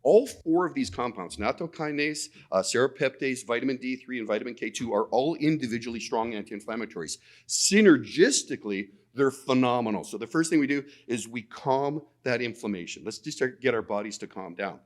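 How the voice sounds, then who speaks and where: A man speaking at a conference, telling a personal story in an animated way, often repeating words and acting out the dialogue. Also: mid-range voice, fairly quick, few pauses. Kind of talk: storytelling presentation. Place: conference talk.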